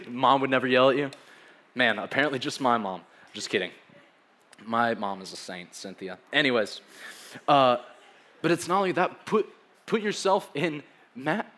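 A man's voice: mid-range voice, sharp tone. A young man preaching a sermon in a casual, joking way, acting out the people in the story as he goes. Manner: casual, joking, acts out quoted dialogue.

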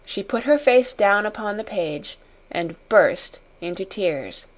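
A woman narrating an audiobook chapter in a measured, unhurried reading. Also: mid-range voice, lively intonation. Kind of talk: scripted storybook narration.

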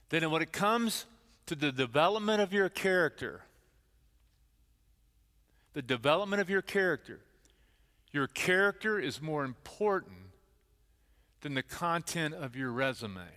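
A man preaching a sermon as a pastor, telling a story with lively shifts and acting out quoted voices. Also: on the high side, unhurried, long pauses. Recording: reverberant church hall.

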